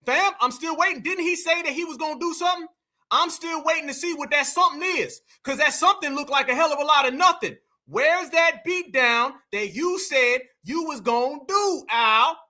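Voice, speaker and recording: A man's voice: very high voice, moderate pace, pushed and bright. A man hosting a reaction commentary, mocking and taunting in slangy street talk. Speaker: commentary host.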